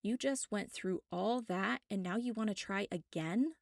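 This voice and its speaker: In a storybook reading, a woman voices a caring but sharp-tongued young woman, slightly raised, teasing and exasperated. Her mid-range voice, at normal speed, sits above her own natural pitch yet close to everyday speech. The studio sound is clean with no echo.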